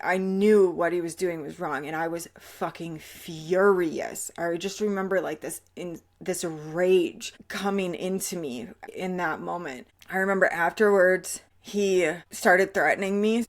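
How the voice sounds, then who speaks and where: Woman, lowish voice, personal testimony, candid, slow and halting, trails off quietly. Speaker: podcast host telling her own story.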